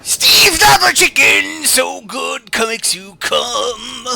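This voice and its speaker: A man putting on a crude, hyped male infomercial announcer with a drawn-out hard-sell pitch. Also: big pitch swings, vocal fry, sharp tone, faint music behind, heavily acted.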